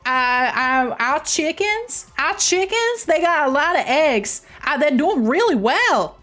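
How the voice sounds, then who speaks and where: Woman doing a Southern farm lady, put-on Southern US drawl, folksy, raised lively voice. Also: high voice, slow pace, soft background music, heavily acted. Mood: folksy boasting. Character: chirpy Southern farm woman bragging about chickens.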